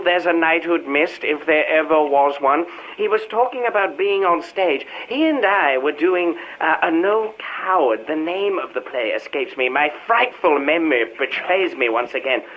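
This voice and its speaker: A man playing a pompous aging theatrical knight, calling in as a Hollywood correspondent in a radio comedy. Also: sits high. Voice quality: plummy, theatrical, name-dropping. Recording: dull phone line with faint noise.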